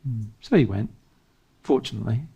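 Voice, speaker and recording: A man's voice: mid-range voice, sing-song, a little fast, dark tone, slightly rough. A man giving a spiritual seminar talk in an emphatic way, firing off rhetorical questions and chuckling to himself. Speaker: spiritual teacher.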